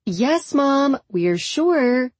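A woman's voice: mid-range voice, very animated, drawn-out words, husky, dry recording, exaggerated voice. A woman reading an audiobook and voicing a sarcastic teenage girl who talks with eye-rolling exasperation. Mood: exasperated. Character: sarcastic teenage girl, bold best friend.

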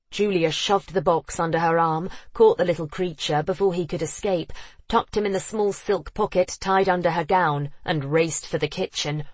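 An audiobook narrator reading a period romance novel in an expressive, storytelling manner. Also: medium pitch, dry recording. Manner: expressive, acting out the characters.

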